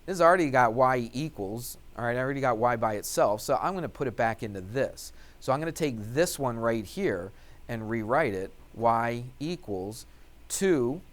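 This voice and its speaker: A man's voice: medium pitch, animated, normal speed. A male math teacher talking through algebra steps, asking questions and answering them himself as he writes. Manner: talks while writing out steps. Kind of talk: classroom lecture.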